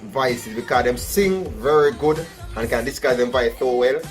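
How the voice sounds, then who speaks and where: A man with a Jamaican accent giving chatty, animated reaction commentary, often asking "you see me?". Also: mid-range voice, normal speed, faint music behind. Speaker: reaction video host.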